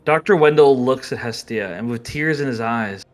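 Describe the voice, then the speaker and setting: Man game master, playful narration, middle pitch, faint music behind. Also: moderate pace, few pauses.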